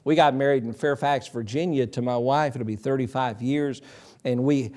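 A man's voice: medium pitch, normal speed, a little mellow. A man in his fifties preaching a sermon as pastor, full of folksy anecdotes and acted-out quotes. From Michigan. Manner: folksy anecdotal storytelling, acts out voices in quotes. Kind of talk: sermon with storytelling. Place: church sanctuary.

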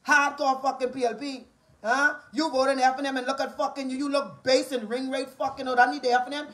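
A woman with a Bahamian accent in an angry, profane ranting monologue, confrontational and repetitive. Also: a little high.

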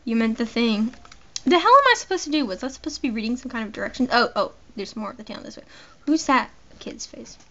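A woman giving loud, joking commentary while playing a video game, on a dull lo-fi recording. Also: a little high, expressive, quick pace. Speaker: game player. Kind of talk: casual let's-play commentary.

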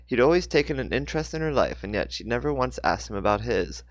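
A man's voice: medium pitch, very animated, fast talker, no echo. A man reading a novel aloud, stumbling and correcting himself now and then. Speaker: audiobook reader.

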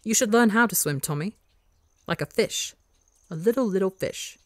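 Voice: mid-range voice, expressive, moderate pace, a bit bright, no room sound, pitched above the performer's own voice, natural voice. A storyteller voicing a playful, teasing young boy who turns dramatic and whiny. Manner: teasing, sing-song, dramatic.

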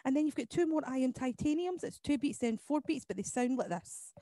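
High-voiced choir leader. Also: female voice, lively intonation, a little fast, dark tone, dry recording. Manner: explains parts and counts beats aloud, breaks into sung demonstrations. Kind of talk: online choir lesson. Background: piano accompaniment.

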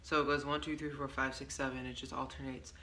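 In a casual vlog, a songwriter presents her song, rambling loosely with lots of ums and self-corrections. Her voice is very deep and sharp, with little pitch movement, and she speaks at a quick pace. Roomy echo and a faint hiss sit behind her.

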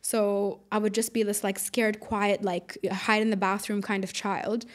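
A woman's voice: medium pitch, little pitch movement, measured pace. A young woman from the UAE with a Dubai private-school accent carrying an American twang, chatting casually as a podcast guest, full of likes and fillers. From United Arab Emirates. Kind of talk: casual chat.

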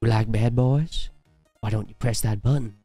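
A man's voice: on the low side, steady tone, moderate pace, mellow, dry recording, soft background music. A man voicing a sly little devil on someone's shoulder, wheedling and teasing. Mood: tempting.

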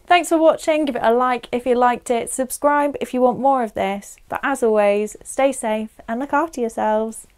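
A woman's voice: fairly high pitch, moderate pace, hardly any pauses, darkish tone, clean tone. A young woman, chatting effusively to camera as she reviews a film, with frequent "like" fillers.

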